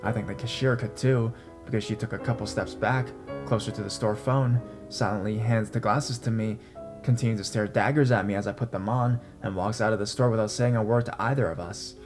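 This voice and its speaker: Man, young adult, horror story narration, measured and tense, low voice, faint guitar music. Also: steady tone.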